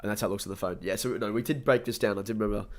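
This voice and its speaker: A man's voice: lowish voice, fairly even intonation, rapid-fire. A young Australian man with a stuffy nose, rambling casually on a live stream and thanking his viewers. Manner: rambling, chatty, upbeat, thanks viewers often.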